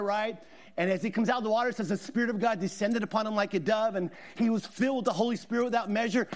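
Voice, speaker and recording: A middle-aged man, a guest pastor, preaching a sermon in a conversational, storytelling way with emphatic repetition. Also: high-pitched. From Southern California.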